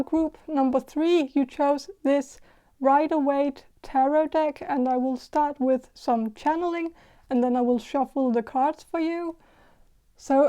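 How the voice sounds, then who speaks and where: A woman giving a casual tarot reading, talking in a halting, hesitant way with many fillers and restarts. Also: sits high, dark tone. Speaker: tarot reader.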